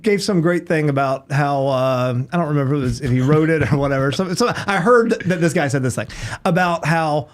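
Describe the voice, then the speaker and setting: A man talking casually as a podcast guest, animated and laughing easily. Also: on the high side. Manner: animated, quick, laughs often.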